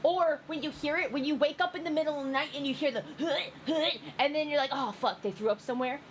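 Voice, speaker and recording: Giggly high-voiced woman streamer. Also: fairly quick, slight background noise. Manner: giggly, animated, rambling. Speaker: streamer reacting to fan memes. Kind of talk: excited casual commentary.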